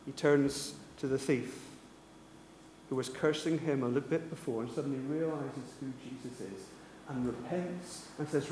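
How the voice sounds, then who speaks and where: A man preaching a sermon, telling a story and swinging between loud, excited passages and hushed, low ones. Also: normal speed, slight background noise. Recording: echoey hall with long reverb.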